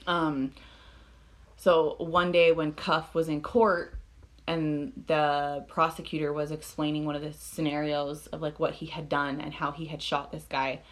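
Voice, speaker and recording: A woman's voice: sits low, flat delivery, measured pace. A woman co-hosting a podcast, casually recounting a crime story with lots of fillers and frank swearing. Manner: filler-heavy, swears freely, laughs often. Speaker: podcast co-host. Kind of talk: casual true-crime chat.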